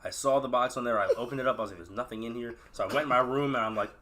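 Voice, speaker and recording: A man's voice: mid-range voice, rapid-fire, pushed and bright. A man co-hosting a podcast, telling funny stories in a casual chat and laughing at them. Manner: laid-back storyteller who laughs at his own stories. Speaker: podcast co-host.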